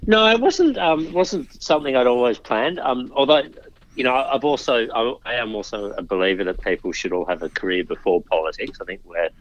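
A man, a politician guest, talking in a measured way with frequent restarts in a casual interview. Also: mid-range voice, lo-fi sound. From Australia.

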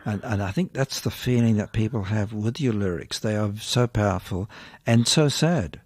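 A man hosting a radio interview, with a low voice and a chatty, friendly way of asking questions. The sound is dry and close to the mic. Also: normal speed, a little mellow, husky, no room sound. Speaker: radio host.

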